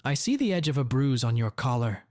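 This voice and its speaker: A man's voice: medium pitch, big pitch swings, fairly quick, darkish tone, no echo, clean studio sound, natural voice. A man voicing a blunt, confrontational middle-aged father in a story reading. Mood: angry.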